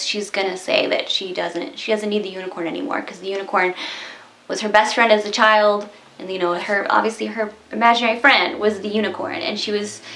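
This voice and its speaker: A woman's voice: mid-range voice, sharp tone. A woman vlogger chatting casually about a film, rambling and giggly with lots of fillers. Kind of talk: casual movie review chat. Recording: echoey room.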